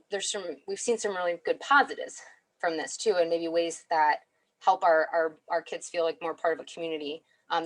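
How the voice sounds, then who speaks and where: A woman from the United States, a clinical psychologist, gives a chatty webinar talk as a guest speaker, often asking "right?" Her voice is on the low side with a fairly bright tone.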